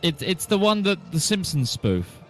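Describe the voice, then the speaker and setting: A man whose pitch swings widely, throwing in playful, jokey remarks over voice chat while playing a strategy game. Faint game music plays behind him. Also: very animated, normal speed. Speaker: player in a multiplayer strategy game. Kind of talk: casual gaming chat over voice call.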